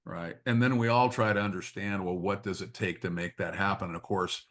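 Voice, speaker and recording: A man leading a spiritual study group in a reflective teaching talk, often halting, repeating words and checking in with quick tag questions. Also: low-pitched, steady tone, fairly bright tone.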